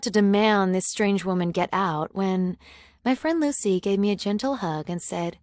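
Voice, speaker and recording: A woman's voice: mid-range voice, moderate pace, a little mellow, no room sound. A young woman narrating a first-person story in an emotional, confessional way.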